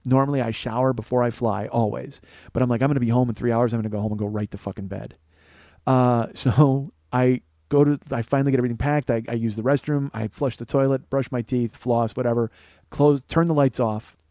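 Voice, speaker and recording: A man's voice: medium pitch, steady tone, brisk, dark tone, no room sound. A man hosting a comedy podcast, telling a long story with lots of swearing, laughing at his own jokes, into a studio microphone. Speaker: podcast host. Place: small studio, co-host close by.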